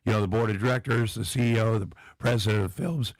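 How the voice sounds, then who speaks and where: A man's voice: lowish voice, fast talker, no room sound. A middle-aged man, a comedian and actor, telling self-deprecating stories as a guest on a talk show. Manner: self-deprecating, animated storyteller. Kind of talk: casual anecdotal storytelling.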